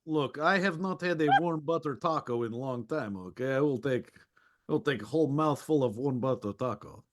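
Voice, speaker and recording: A man voicing a male ghost, a ball of light, who speaks in slow, clipped broken English. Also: mid-range voice, natural voice. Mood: greedy.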